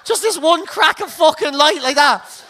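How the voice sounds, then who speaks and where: An Irish man hosting a podcast, telling a comic story in a sweary, laughing, animated way. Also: very high-pitched, moderate pace. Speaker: comedian podcast host.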